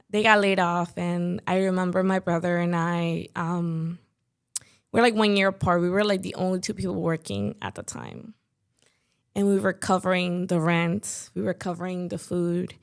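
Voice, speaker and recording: Her voice sits on the low side, gravelly but smooth: a young Chicago woman talking as a podcast guest. The casual interview chat is full of "like" and "you know" as she goes along.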